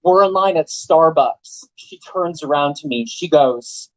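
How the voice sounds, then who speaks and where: A young man giving an animated, joking rally speech to a live audience, full of rhetorical questions. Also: a little high, measured pace, few pauses, low-quality recording. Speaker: political activist speaker. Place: event venue with live audience.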